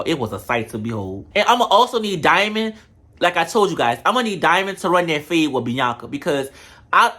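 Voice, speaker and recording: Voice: medium pitch, fairly bright tone. A show reviewer on camera giving a casual, blunt reality-show recap, talking straight to the viewers. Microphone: camera mic.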